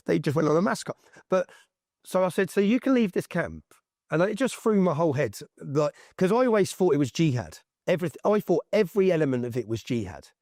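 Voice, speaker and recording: A man being interviewed, telling an animated story and acting out what other people said, with frequent repeats and restarts. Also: fairly high pitch, dry recording, studio quality. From England. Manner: lively, repeats himself, quotes people in his stories. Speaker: interview guest.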